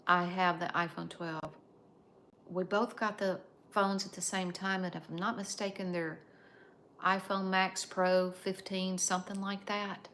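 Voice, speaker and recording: An American woman hosting a casual live stream, chatting and reading out viewer comments in an unhurried way. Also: mid-range voice, little pitch movement, a bit bright, a little hiss or hum. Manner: unhurried, chatty, drawn-out phrasing. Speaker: livestream host.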